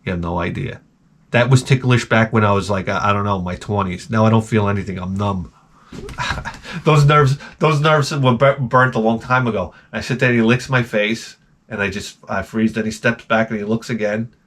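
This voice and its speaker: A middle-aged man hosting his channel, telling a comic story in a profane, animated rant full of restarts. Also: fairly low pitch, moderate pace. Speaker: host.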